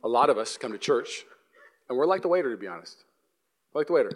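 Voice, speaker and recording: A young man preaching a sermon, telling a story with acted-out voices and laughs, then dropping to a soft, low, earnest voice for the serious points. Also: very animated, quick pace, long pauses. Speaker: pastor. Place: church auditorium.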